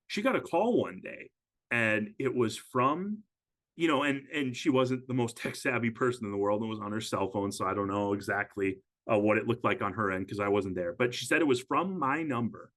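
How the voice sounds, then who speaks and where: A man's voice: on the low side, animated, brisk, a bit bright. A man working as a financial advisor, giving a webinar presentation in a casual, conversational way with frequent fillers and restarts.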